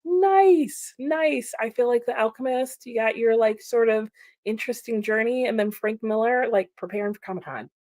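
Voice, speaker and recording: A woman's voice: on the high side, normal speed, a little mellow, no room sound, clean studio sound. A woman hosting a casual livestream, chatting about chat comments with frequent laughs and lots of "like" fillers.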